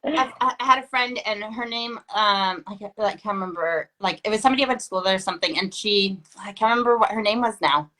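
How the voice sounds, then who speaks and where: Canadian lady chatting, rambles and cuts herself off a lot, bright sharp voice. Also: mid-range voice, fast, hardly any pauses. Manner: rambling, self-interrupting with many likes. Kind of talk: casual chat.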